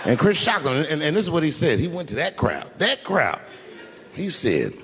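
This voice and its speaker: Animated male stand-up comic in a hall. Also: fairly high pitch, moderate pace. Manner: animated storytelling, acts out other people's lines. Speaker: stand-up comedian. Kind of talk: stand-up comedy set. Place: theater stage before a live audience. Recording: live stage recording with crowd and hall echo.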